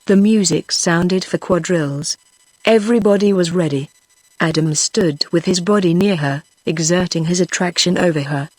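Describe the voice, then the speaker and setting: A text-to-speech voice of a woman with a British accent, reading a classic short story in an even, steady way. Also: fairly low pitch, normal speed, dry recording. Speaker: narrator.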